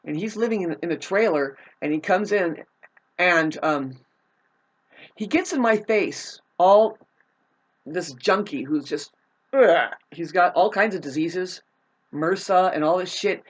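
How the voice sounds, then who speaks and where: A woman's voice: fairly low pitch, expressive, unhurried, breathy edge. A woman telling a personal grievance in a casual, rambling monologue, agitated and profane, with frequent restarts.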